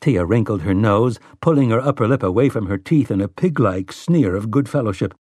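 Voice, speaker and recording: Dry, measured male audiobook narrator. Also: on the low side, animated, a little mellow, breathy edge, dry recording. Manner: measured storytelling. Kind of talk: scripted narration.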